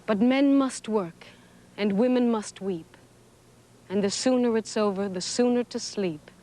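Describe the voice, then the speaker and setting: A woman reciting verse with a sorrowful, even delivery. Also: medium pitch, unhurried. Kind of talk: poetry recitation.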